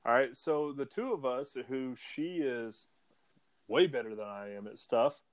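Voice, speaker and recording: A man's voice: mid-range voice, animated, measured pace. A man co-hosting a casual podcast, joking and teasing with frequent laughs. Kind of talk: casual chat.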